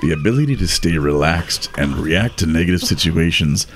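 A man's voice: low-pitched, lively intonation, a little hiss or hum. A man co-hosting a podcast, reading listener emails aloud in a hammed-up voice and laughing often. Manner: reads emails in a slow, exaggerated put-on voice, laughing often. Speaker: podcast co-host.

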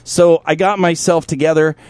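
High-voiced man telling a crude story. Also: moderate pace. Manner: animated, swears freely, jumps into loud shouted impressions. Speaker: radio show host.

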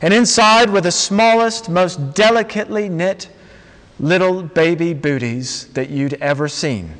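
Slow preacher guy telling a story, kinda high voice, lots of hall echo. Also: fairly bright tone. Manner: slow, dramatic storytelling with long pauses. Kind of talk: storytelling sermon. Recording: long reverb of a large hall.

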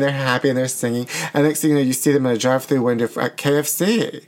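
A man co-hosting a casual comedy chat show, talking in a campy, sassy way and riffing quickly on his own jokes. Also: medium pitch, steady tone, darkish tone. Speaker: podcast co-host.

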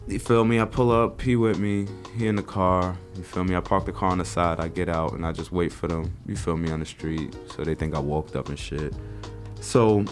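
A man, a recurring guest host telling a casual, slang-heavy story and acting out what people said. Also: low-pitched. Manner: animated, slangy, acts out quotes.

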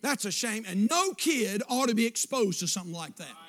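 A man in his fifties delivers a sermon in a strikingly high voice for a man. He swings from shouted declarations down to hushed, intimate storytelling. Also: big pitch swings, a little fast. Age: 50s. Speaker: preacher.

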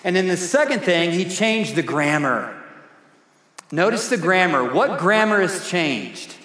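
Man, pastor, slow deliberate sermon, slightly high voice, roomy church reverb. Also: big pitch swings, fairly bright tone. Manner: slow, emphatic preaching with repeated key phrases. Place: church sanctuary. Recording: echoey hall reverb.

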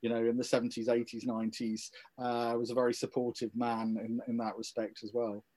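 A man's voice: medium pitch, completely flat delivery, fairly quick, a little mellow. Easygoing male historian telling stories. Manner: easygoing, hesitant, with fillers. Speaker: local historian and podcast co-host. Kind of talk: casual podcast storytelling.

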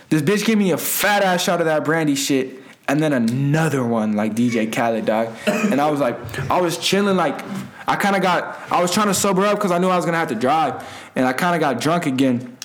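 A young man telling a rambling, profane party story in casual slang, laughing as he goes. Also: mid-range voice. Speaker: guest storyteller.

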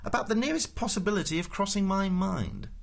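A man voicing a flustered, nervous middle-aged male council official who speaks high, slow and bewildered. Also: animated, vocal fry. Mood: huffy.

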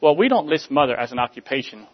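A man reading a brisk officious woman clerk. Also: mid-range voice, big pitch swings, muffled recording. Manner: emphatic, clipped.

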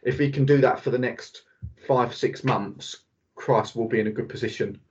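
Man, mid-pitched podcast host, enthusiastic and chatty, muffled lo-fi audio. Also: a little mellow. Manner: enthusiastic, fast, filler-heavy analysis. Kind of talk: casual football podcast chat.

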